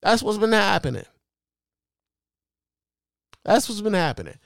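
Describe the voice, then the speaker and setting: A man's voice: high voice, big pitch swings, a little slow, gravelly, dry recording, clean studio sound. Fired-up man ranting on his podcast. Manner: impassioned, profane, ranting with repeated emphasis. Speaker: podcast host. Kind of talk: opinionated solo podcast commentary.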